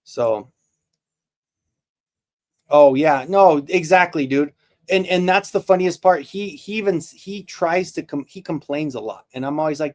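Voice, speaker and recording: A middle-aged man with a slightly high voice hosts a live stream in a casual, rambling way. He jokes easily and keeps restarting his sentences as he talks. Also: measured pace, a little mellow. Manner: rambling and chatty, with many restarts; laid-back and jokey. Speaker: toy show host.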